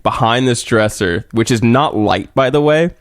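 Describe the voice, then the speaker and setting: A young man spins a rambling, profanity-laced story for his podcast co-host. His voice sits at an ordinary middle pitch, and the recording is dry and close. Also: lively intonation, normal speed, no echo. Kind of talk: casual storytelling chat.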